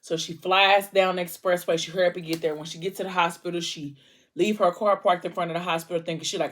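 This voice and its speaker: A woman's voice: fairly low pitch, steady tone, fast, fairly bright tone. A woman vlogger casually retelling a book plot between bites and acting out the dialogue. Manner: conversational, with fillers. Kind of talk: casual storytelling while eating.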